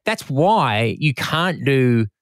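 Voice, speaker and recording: A man hosting a casual chat, talkative and quick to laugh. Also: medium pitch, big pitch swings, smooth, no room sound, studio quality. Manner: chatty, laughs a lot. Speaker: podcast host.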